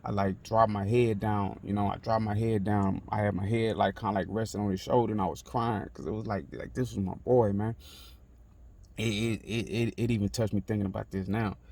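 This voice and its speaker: A man's voice: on the low side, fairly even intonation, brisk, vocal fry, darkish tone. A man, telling a personal story in casual street talk, repeating himself with many fillers and restarts. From Texas. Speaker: author telling his life story.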